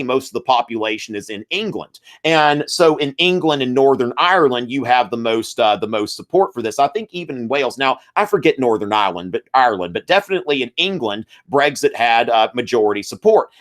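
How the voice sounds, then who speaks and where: A man hosting a live history review, lecturing in a conversational way with many fillers and shoutouts to viewers. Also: medium pitch.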